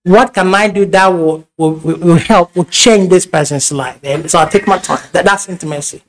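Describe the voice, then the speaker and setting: The pastor's voice sits high and moves at a moderate pace as he preaches a church sermon in a Ghanaian accent. He tells homely stories, keeps restarting, and laughs in asides, all on poor audio.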